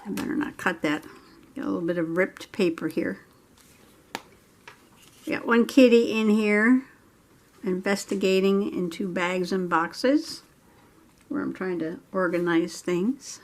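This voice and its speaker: A woman's voice: mid-range voice, unhurried, pauses often, a little hiss or hum. A woman vlogger chatting casually to herself and viewers as she works on a craft project at home. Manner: chatty, thinking aloud while working.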